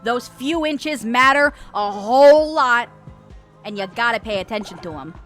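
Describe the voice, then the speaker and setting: A woman's voice: fairly high pitch, animated, a little slow, a bit bright, soft background music. A woman in her twenties streaming a game, chatting casually and swearing with her viewers. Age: 20s. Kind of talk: casual gaming stream chat.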